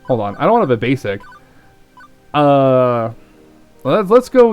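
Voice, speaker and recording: A man's voice: mid-range voice, big pitch swings, unhurried, a little mellow, clean tone, faint music behind. A man streaming a game playthrough who reads the dialogue aloud and thinks aloud over his choices with muttered, sweary reactions.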